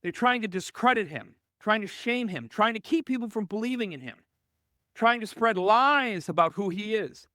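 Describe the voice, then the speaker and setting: A man's voice: sits high, lively intonation, moderate pace, bright, forceful tone, no echo, clean studio sound. A male pastor preaching a narrative sermon, telling the story with energy and acting out the dialogue in changing voices.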